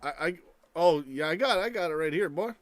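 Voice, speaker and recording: A man's voice: fairly high pitch, animated, fast talker, dry recording. A man hosting a live stream, ranting angrily with lots of swearing and rambling stories. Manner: angry, profane, rambling rant.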